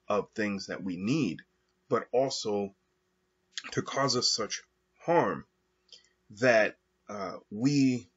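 A man talking through his thoughts alone in a slow, halting monologue with frequent pauses and fillers. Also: fairly low pitch, a bit bright, breathy edge. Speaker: podcast host. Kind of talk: reflective monologue. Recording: dull lo-fi recording.

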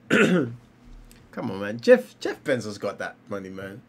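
Animated streamer, lively voice. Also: male voice, on the low side, takes it slowly. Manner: animated, exclaiming and laughing while reacting. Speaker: livestreamer reading comics. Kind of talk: casual live-stream commentary.

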